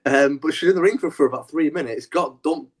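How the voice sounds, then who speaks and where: A man's voice: fairly high pitch, a little fast, slightly rough. A man co-hosting a wrestling podcast, talking animatedly in a rambling, casual way with lots of restarts. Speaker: podcast co-host.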